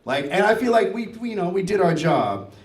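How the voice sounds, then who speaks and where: A man in his fifties performing standup comedy, his voice pitched high and swinging widely as he plays the people in his stories. The sound is echoey, as if picked up from a distance in a large venue. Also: fairly quick. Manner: animated storytelling, acting out family dialogue. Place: stage before a live audience.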